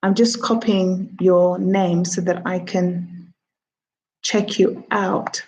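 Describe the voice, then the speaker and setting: A woman in her thirties chatting casually on a livestream, unhurried and easygoing. Her voice is mellow and warm, recorded with a dull, muffled sound. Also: fairly low pitch, steady tone. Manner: chatty, talks to herself and viewers. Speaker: TV producer.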